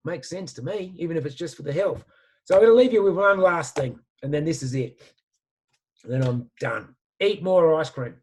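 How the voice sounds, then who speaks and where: A man giving an animated motivational talk and telling stories with casual slang. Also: on the high side, normal speed, husky. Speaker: guest speaker.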